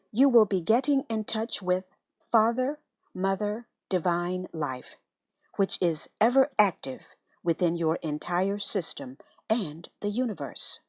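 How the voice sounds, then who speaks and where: A woman giving a slow, measured, reverent reading of a spiritual letter and meditation prayer. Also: mid-range voice, no room sound, studio quality. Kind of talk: scripted devotional reading.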